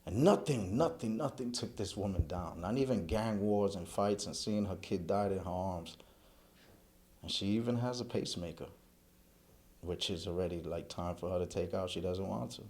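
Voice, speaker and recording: A middle-aged man talks in an interview, earnest and steady. His voice sits on the low side, and he strings ideas together in long spoken lists. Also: normal speed. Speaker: charity event chairman.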